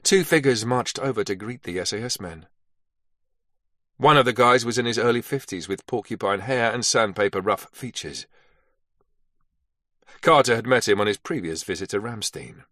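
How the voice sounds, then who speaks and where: Low-voiced male thriller narrator. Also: animated, normal speed, pauses often, sharp tone, no echo, clean studio sound. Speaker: audiobook narrator. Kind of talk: scripted narration.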